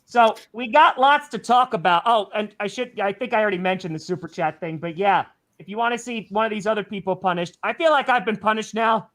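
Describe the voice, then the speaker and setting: A man's voice: high-pitched, a little fast, fairly bright tone. A man hosting a casual sports chat, sweating and out of breath inside a costume, rambling with stammered restarts and self-mocking asides. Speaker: podcast host.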